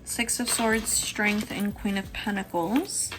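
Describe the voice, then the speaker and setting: A woman giving a casual, chatty tarot reading, lively and quick to laugh, with some swearing. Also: medium pitch, over music. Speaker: tarot reader.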